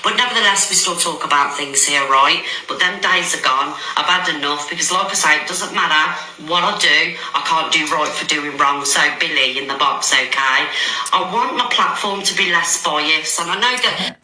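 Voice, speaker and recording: A woman's voice: sits low, normal speed, sharp tone. A woman in a clip from a live stream, talking defensively and checking in with "right?" and "okay?". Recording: roomy echo.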